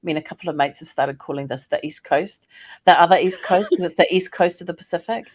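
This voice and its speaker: A woman from New Zealand with a New Zealand accent, a scholar telling stories in a chatty, animated way on a podcast call. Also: lowish voice, quick pace, breathy edge. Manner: chatty, animated storytelling with laughs. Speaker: guest, Māori scholar and poet. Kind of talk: casual podcast conversation.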